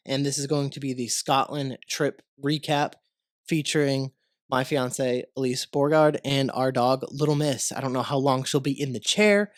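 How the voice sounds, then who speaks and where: With a fairly high pitch, a man from the United States hosts his podcast while congested from a cold. He rambles, stays relaxed and swears casually, all in studio quality with no room sound.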